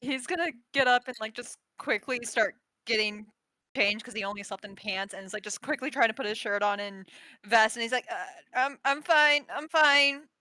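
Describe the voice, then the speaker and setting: A woman's voice: on the high side, brisk, sharp tone, dry recording. A woman playing in a tabletop game, describing her character's actions in the third person. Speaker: player. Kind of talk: casual tabletop role-play.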